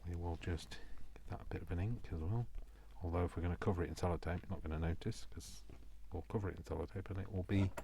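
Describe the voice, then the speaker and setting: Deep gravelly British man crafting. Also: steady tone, fast talker, hardly any pauses, mellow, a little hiss or hum. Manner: chatty, self-mocking, talks to himself while working. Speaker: crafting vlogger. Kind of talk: casual crafting chat.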